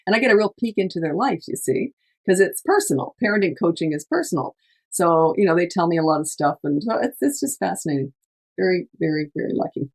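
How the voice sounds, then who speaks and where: A woman's voice: fairly low pitch, expressive, fast talker, husky. Chatty, emphatic middle-aged woman parenting coach. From Canada. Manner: chatty, emphatic, laughs often, acts out quotes. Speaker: parenting coach, podcast host. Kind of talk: casual advice chat.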